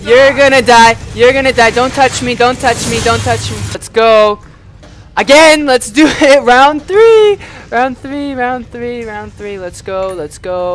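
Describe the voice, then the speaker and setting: A man doing loud, excitable let's play commentary, swearing and yelling at the game. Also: very high-pitched, unhurried. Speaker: gamer. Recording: music playing underneath.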